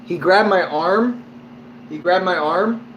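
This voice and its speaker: A man's voice: sits high, takes it slowly, muffled recording, slight background noise. A man vlogging at home, a little drunk, telling a long story to camera in a rambling way, with constant swearing and fillers. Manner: rambling and heavily profane, lots of fillers. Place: at home, indoors.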